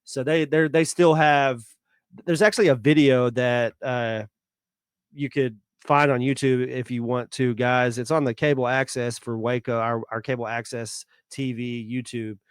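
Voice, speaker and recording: A man from Texas co-hosting a podcast, wandering through a fun fact with plenty of "kinda"s. His voice is smooth and resonant at a middle pitch. The sound is dry and close. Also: fairly even intonation, unhurried, no echo. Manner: rambling fact-sharing with many "uh"s and "kinda"s. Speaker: podcast co-host. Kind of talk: casual chat.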